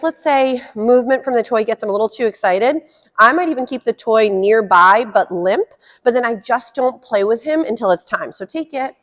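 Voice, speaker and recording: A woman dog trainer giving a hands-on demonstration, chatty and encouraging, with bright praise cues to a puppy and a slightly dry throat. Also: a little high, in a large hall. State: slightly dry throat, cough drop in mouth. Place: indoor room with heating running.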